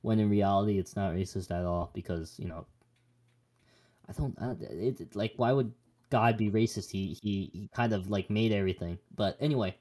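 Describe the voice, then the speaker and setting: A young man with a fairly low voice co-hosts a casual faith podcast. He talks about Bible passages in a loose, rambling way, cracking jokes and restarting his sentences often. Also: moderate pace, dark tone. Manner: rambling, joking, many restarts. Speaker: podcast co-host.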